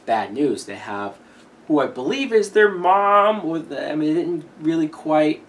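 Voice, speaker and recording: An animated young man talks straight to camera in a casual review, sprinkling in swear words. His delivery is loose and chatty, full of fillers and quick restarts as he works through his opinions. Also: a little high, recorded from a distance. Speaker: movie reviewer.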